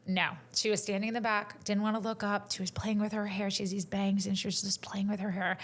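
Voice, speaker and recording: A woman sharing a personal story on a faith-based talk show. She speaks earnestly in a middle-pitched voice and drops into soft, breathy near-whispers when the moment turns tender. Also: little pitch movement, brisk, hardly any pauses. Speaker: podcast co-host and coach. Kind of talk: faith-based casual conversation.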